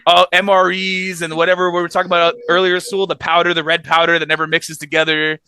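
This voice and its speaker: A man, a former Navy corpsman, telling war stories in casual chat, animated and laughing as he acts out voices. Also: fairly high pitch, quick pace, smooth, no echo.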